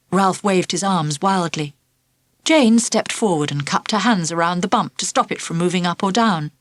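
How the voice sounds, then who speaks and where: A woman narrating a children's storybook in an expressive, lively storytelling manner. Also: lowish voice, normal speed, no room sound. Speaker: audiobook narrator.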